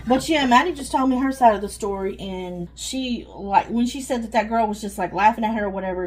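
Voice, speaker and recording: A woman's voice: a little high, breathy edge. A woman, rambling and venting in casual chat while she cooks at home. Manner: chatty, venting, rambling with sighs. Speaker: vlogger. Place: home kitchen. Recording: noisy kitchen with frying sizzle. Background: sizzling frying pan.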